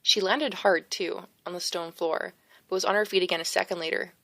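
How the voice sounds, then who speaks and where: A woman reading a first-person novel aloud as an audiobook narrator, steady and expressive, close to the mic. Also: fairly low pitch, brisk, gravelly, dry recording. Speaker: audiobook reader.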